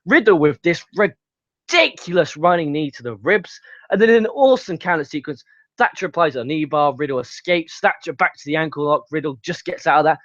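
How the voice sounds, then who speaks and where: A man's voice: on the high side, animated, a little fast, fairly bright tone, no echo. A young man reviewing a wrestling show, recapping matches play by play and ranting with heavy swearing. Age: young adult. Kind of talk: casual review monologue. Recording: dull lo-fi sound.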